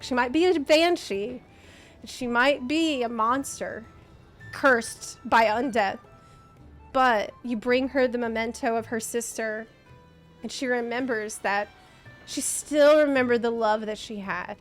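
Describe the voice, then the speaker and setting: A woman's voice: a little high, fairly even intonation, unhurried, pauses often, faint music behind. A woman streamer ranting to her chat, impassioned, exasperated and sarcastic by turns. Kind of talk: live-stream rant to chat.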